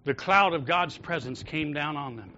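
A pastor preaching a sermon in a church, rising to loud calls and dropping to soft, prayerful tones. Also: male voice, a little high, lively intonation, normal speed, muffled recording. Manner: swings from loud exhortation to soft intimate prayer. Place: church sanctuary.

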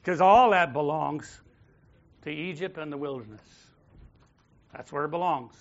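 Man preaching a lively sermon, lo-fi. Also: a little high, a little slow. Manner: rhetorical questions, calls on the congregation to repeat phrases. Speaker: pastor. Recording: dull lo-fi sound.

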